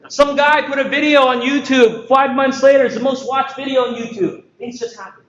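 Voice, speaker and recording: Man from the Philippines, high voice, joking conference speaker, heavy echo, dull sound. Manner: lively, joking, full of rhetorical questions. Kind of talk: energetic conference presentation. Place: large conference hall. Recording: echoey, dull hall recording.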